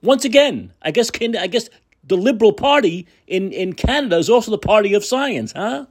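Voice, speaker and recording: A man's voice: sits high, sing-song, moderate pace, husky. A man hosting a political talk show, delivering a combative, sarcastic monologue with profanity. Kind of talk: opinionated monologue.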